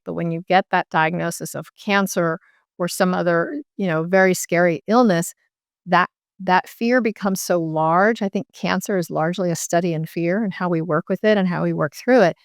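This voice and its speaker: A woman's voice: fairly low pitch, moderate pace, no echo, clean studio sound. A middle-aged woman, a medical intuitive and author, explaining her work at length as an interview guest, with frequent "you know" asides. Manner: explanatory, many fillers and restarts.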